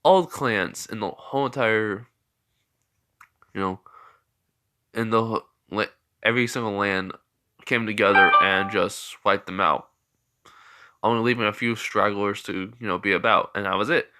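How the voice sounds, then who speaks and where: A man doing a calm old village leader. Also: lowish voice, measured pace, long pauses. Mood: solemn.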